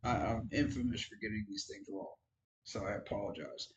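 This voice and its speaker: A man's voice: fairly low pitch, fairly quick, a little hiss or hum, rough recording. A tired man giving casual, frank football commentary on his own channel, rambling and poking fun at himself. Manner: rambling, frank, self-deprecating. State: tired, yawning. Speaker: sports fan vlogger.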